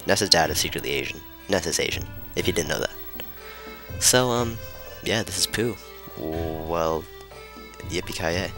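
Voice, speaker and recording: A man with a low voice gives irreverent let's play commentary, swearing and cracking jokes as he plays. He keeps his voice somewhat hushed in a room at home, though its tone stays bright and forceful. Soft music plays underneath. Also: normal speed. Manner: irreverent, joking, swears freely. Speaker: gamer.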